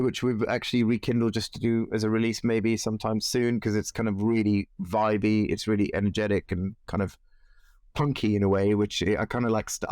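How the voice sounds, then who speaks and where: A man in his forties, a musician being interviewed, telling animated stories with frequent laughs. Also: fairly low pitch, no echo, clean studio sound. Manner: animated anecdotes, laughs often, acts out quoted voices. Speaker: musician guest. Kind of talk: casual interview storytelling.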